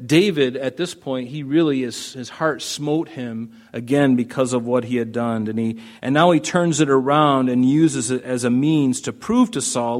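A pastor preaches conversationally, posing questions to his congregation. He speaks at a medium pitch and moderate pace, with few pauses.

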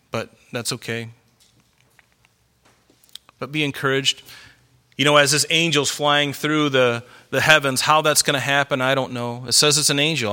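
A middle-aged man preaching a sermon in an earnest, conversational storytelling way, growing animated as he goes. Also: mid-range voice. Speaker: pastor.

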